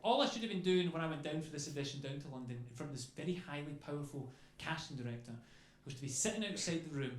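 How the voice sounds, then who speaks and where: A man delivers a chatty stand-up routine on a club stage via a handheld mic, closing his lines with "okay?" His voice is a little high and expressive, and he talks fast with few pauses, in an echoey club with faint ambience.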